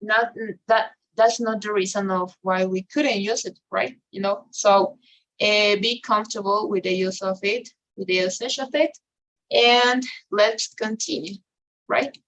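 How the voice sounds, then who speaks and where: A woman's voice: mid-range voice, steady tone, a little slow, fairly bright tone, low-quality recording. A woman who is a native Spanish speaker teaching an English grammar lesson, explaining step by step and checking "right?" after nearly every phrase.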